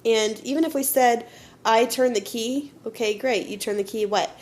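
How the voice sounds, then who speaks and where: A woman's voice: fairly high pitch, normal speed, a little mellow. A woman teaching a children's grammar lesson, patiently explaining step by step and often checking in with "okay?". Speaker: elementary school teacher.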